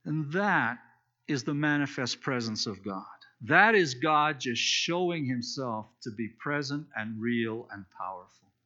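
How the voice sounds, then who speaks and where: A preacher with a medium-pitched, bright and forceful voice delivers a conversational sermon at a slightly slow pace, his intonation lively. Teaching a Bible study, he retells scripture with fillers and restarts. The recording is dull and lo-fi.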